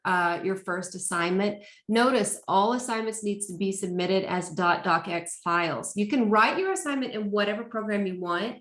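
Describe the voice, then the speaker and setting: A woman college instructor walks her students through her course in a relaxed, chatty manner, using fillers along the way. Her voice is mid-range and the recording has a roomy sound.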